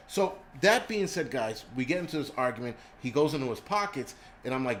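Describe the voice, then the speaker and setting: Brief: New guy, mid-pitch, foul-mouthed ranting vlogger, faint noise behind him. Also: fairly quick. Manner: profane, animated storytelling. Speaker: prepper channel host. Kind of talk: casual ranting vlog.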